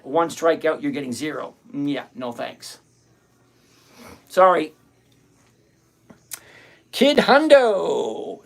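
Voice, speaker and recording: A man's voice: on the high side, husky. A middle-aged man hosting a live trading stream, bluntly thinking aloud and greeting viewers by name. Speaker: livestream host.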